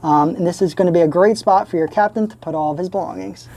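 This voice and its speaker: A woman's voice: lowish voice, fast talker, vocal fry, mellow, a little hiss or hum. A woman hosting a boating channel gives a casual walkthrough tour aboard a boat. She is upbeat and chatty, lists features one after another, and sounds slightly winded as she climbs around.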